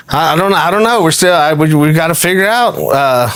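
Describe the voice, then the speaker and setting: A man's voice: a little high, a little fast. A man, a guest telling an anecdote in conversation and often laughing as he talks. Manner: animated, laughs often while telling stories.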